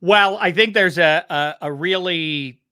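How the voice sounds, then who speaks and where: A man from the Pittsburgh area, a guest on a football podcast, talking in a rambling, animated way about teams and accents. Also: high-pitched, a little slow, clear, resonant tone, no echo, clean studio sound. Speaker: guest commentator. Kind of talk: casual podcast chat.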